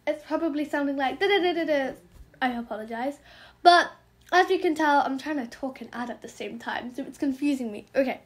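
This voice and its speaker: A woman hosting a gaming channel, chattering fast and excitably as she narrates her in-game trades and apologizes for talking so quickly. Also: high voice. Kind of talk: game trading commentary vlog.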